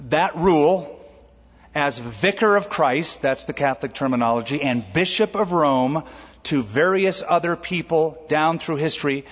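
A male pastor delivers a lively, conversational sermon, dropping jokes as he goes. His voice is a touch high and husky. The recording sounds dull, with a long reverb from a large church auditorium.

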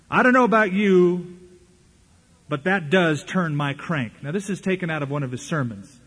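A man's voice: on the high side, animated, normal speed, a bit bright, husky. A male pastor preaching a sermon, making dry, mocking asides.

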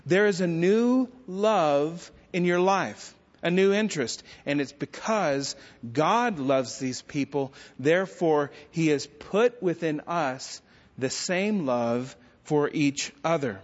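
A man's voice: on the high side, lively intonation, takes it slowly. A middle-aged male pastor preaching a sermon, telling stories with self-deprecating humor. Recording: dull sound with long church-hall reverb.

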